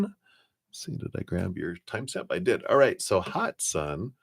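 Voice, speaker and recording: A man's voice: sits low, very animated, slow pace, vocal fry, breathy edge, dry recording, clean studio sound. A man giving casual live tarot readings in a laid-back, chatty way, laughing often and letting sentences trail off. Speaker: tarot reader.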